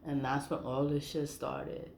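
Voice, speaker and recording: A woman's voice: low voice, level tone, measured pace, a little mellow, reverberant, a little hiss or hum. A woman casually telling a personal story, blunt and profane, who laughs often and repeats the phrases she wants to stress. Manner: emphatic repetition of key phrases.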